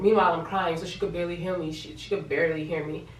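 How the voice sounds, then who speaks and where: A woman's voice: fairly low pitch, fairly even intonation, a little fast, few pauses. A young woman from New York tells a personal story in a casual vlog. She is emotional and repeats words for emphasis. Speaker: vlogger. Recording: echoey room, from a distance, faint hum.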